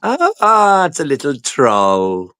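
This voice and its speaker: A man's voice: on the high side, takes it slowly, smooth, no echo. Man, livestream co-host, crude and sweary, close dry sound. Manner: crude, swearing, animated storytelling. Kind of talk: casual livestream banter.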